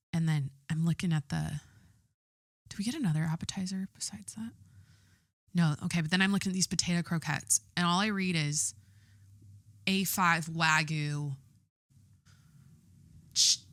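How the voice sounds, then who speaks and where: A woman's voice: on the low side, bright, forceful tone, dry recording, studio quality. A young woman hosting her own podcast, rambling and giggling through a casual monologue and swearing freely. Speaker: podcast host.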